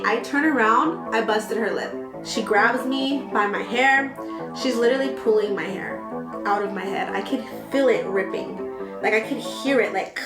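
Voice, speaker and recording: A woman in her twenties telling a dramatic storytime vlog, animated and full of swearing. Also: fairly high pitch. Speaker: vlogger. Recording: echoey room.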